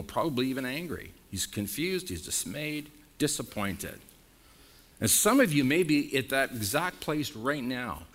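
Male pastor, mid-pitched, animated sermon delivery, blunt and emphatic. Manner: emphatic preaching with wide swings in pitch and loudness; direct, frank and blunt with the congregation.

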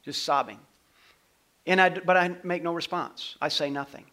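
High-voiced man preaching a sermon. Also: fairly even intonation, normal speed. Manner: storytelling preacher, swings from loud to hushed. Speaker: pastor.

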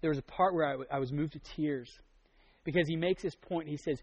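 A young man preaching a sermon in a conversational, joking manner, with quick asides. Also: fairly high pitch, darkish tone, breathy edge. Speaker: pastor. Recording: dull lo-fi recording.

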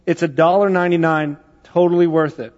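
A man's voice: on the high side, steady tone, fairly quick, a little mellow. Man preaching in a reverberant church. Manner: conversational storytelling with fillers. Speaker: pastor. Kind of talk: sermon. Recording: dull sound with long hall reverb.

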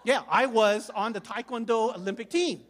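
A man from Korea, a pastor preaching a sermon through an animated personal story, acting out quotes and repeating words as he goes. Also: high voice, normal speed.

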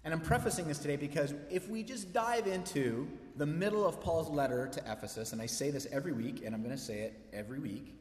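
Conversational pastor in an echoey hall. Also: male voice, on the high side, expressive, quick pace, few pauses, a little mellow. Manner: conversational storytelling with humor. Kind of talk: sermon. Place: church sanctuary.

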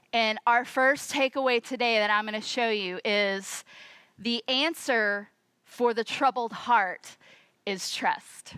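A woman preaches a sermon in a bright voice that sits a little high. She is expressive and acts out the quoted voices as she tells the story. The sound is close and dry. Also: no room sound.

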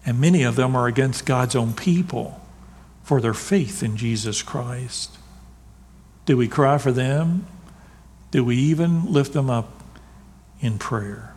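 A man's voice: mid-range voice, slow, pauses often. Man preaching in a reverberant hall. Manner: rises to emphatic peaks, drops to soft hushed lines. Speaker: pastor. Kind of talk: sermon.

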